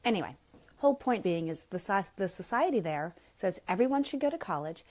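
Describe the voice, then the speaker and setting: Blunt, animated middle-aged woman host. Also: brisk. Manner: blunt, emphatic and frank; animated, with sudden jumps up in pitch. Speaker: parenting coach host. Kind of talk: live Q&A chat reading viewer comments.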